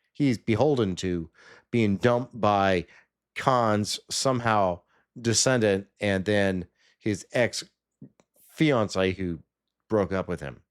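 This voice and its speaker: A man casually recapping a TV episode, sarcastic and animated, sometimes mimicking the characters. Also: lowish voice. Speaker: TV episode reviewer.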